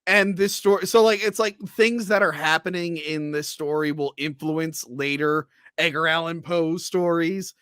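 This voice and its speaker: Man with a high voice, podcast host, casual rambling talk, dry close mic. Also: measured pace, few pauses, a bit bright, smooth, no room sound. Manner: rambling, with many fillers and restarts. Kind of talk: casual movie review chat.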